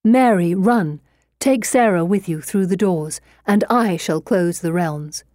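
A woman's voice: on the low side, a little slow, a little mellow, dry recording, studio quality, natural voice. A woman voicing a brave, stern sorceress who speaks in an urgent, commanding way.

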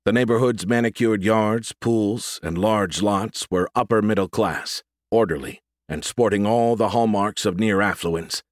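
A man narrates an audiobook in a steady, measured voice on the low side. The recording is close and dry, with no room sound. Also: no room sound.

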